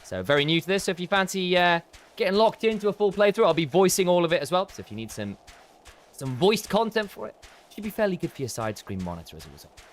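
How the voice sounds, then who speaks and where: A man's voice: high-pitched, big pitch swings, fast. A man streaming a game, chatting loosely and joking. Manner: jokey, rambling, laughs often. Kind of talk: casual gameplay stream chat.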